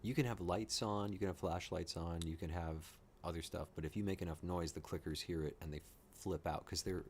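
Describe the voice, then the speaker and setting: A low-voiced man reacts live as he watches, talking in excited, rambling bursts and swearing freely. Faint ambient noise hums behind his voice. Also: brisk, few pauses. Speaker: reaction streamer.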